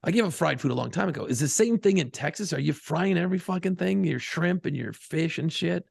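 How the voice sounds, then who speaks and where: A man's voice: a little high, expressive, fairly quick, vocal fry, slightly rough, no echo, studio quality. A man from Buffalo, New York, co-hosting a podcast in casual, profane, rambling banter. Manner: profane, rambling, laughs often. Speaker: podcast co-host.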